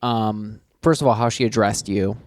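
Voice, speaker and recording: A man's voice: fairly low pitch, fairly even intonation, moderate pace, dry recording, studio quality. A man co-hosting a podcast in casual chat, teasing his partner and reacting with exclamations. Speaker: podcast co-host.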